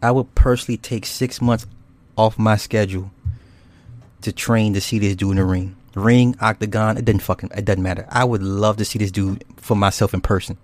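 A man's voice: lowish voice, steady tone, normal speed, darkish tone. A man hosting a casual livestream, rambling and swearing loosely with frequent laughs as he reads viewer comments. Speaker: YouTube host.

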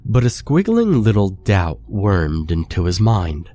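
A man reading a scary story aloud, in a slow and measured horror narration. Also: on the low side, wildly swooping pitch, mellow.

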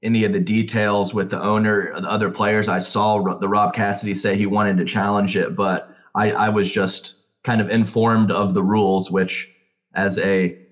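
A man's voice: on the low side, level tone, normal speed, lo-fi sound. A man hosting a casual podcast, asking loose questions full of fillers. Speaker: podcast host and commentator.

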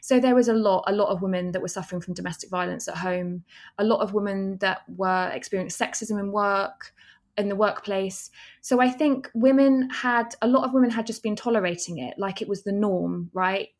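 A woman's voice: mid-range voice, a little fast. A woman, a documentary filmmaker, answering interview questions in an earnest, explanatory way.

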